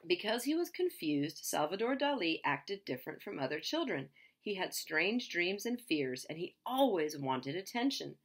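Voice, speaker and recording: A woman reading a children's picture book aloud in a lively, expressive way. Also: on the low side, normal speed, husky. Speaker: reader.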